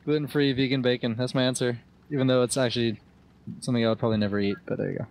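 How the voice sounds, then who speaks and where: A British man talks at a fast clip as a podcast guest. His voice is mid-pitched, and he rambles along in an easy, self-deprecating way. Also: fairly even intonation, darkish tone. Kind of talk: casual podcast chat.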